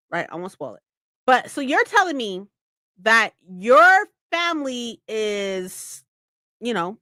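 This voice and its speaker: A woman with a mid-range voice hosts a casual book club live-stream, animatedly ranting about a book with plenty of swearing and frequent laughs. The sound is studio quality with no echo.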